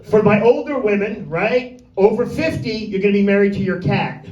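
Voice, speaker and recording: Picked up by a distant mic in an echoey small comedy room with few people, a man with a high voice does crude, rambling stand-up straight at the crowd. He's brash and vulgar, with asides to the audience, at normal speed. The audio is dull with background noise.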